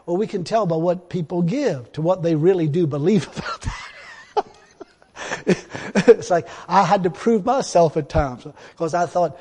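A man's voice: high-pitched, moderate pace, darkish tone, husky. Emphatic preacher man in a reverberant hall. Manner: emphatic, repetitive, punctuated with laughs and "Hallelujah". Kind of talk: sermon.

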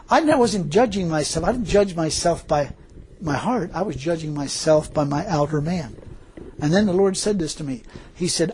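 A man's voice: on the high side, expressive, moderate pace, darkish tone, breathy edge. A man preaching a sermon and telling a personal testimony, rambling with many fillers and repeated words.

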